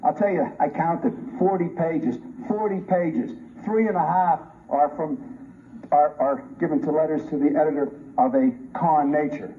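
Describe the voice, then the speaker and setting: A man's voice: on the high side, fairly even intonation, normal speed. A man, a forensic pathologist, giving a combative, sarcastic, emphatic debate speech to a colleague. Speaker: forensic pathologist on a review panel. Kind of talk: heated public debate speech. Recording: muffled lo-fi archive recording with faint hiss.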